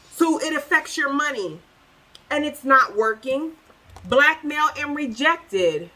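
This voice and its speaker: Woman, tarot reader talking straight to the viewer; high, bright voice, emphatic and sassy. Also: rough recording. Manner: emphatic, preachy, repeats phrases for effect; sassy, incredulous outbursts.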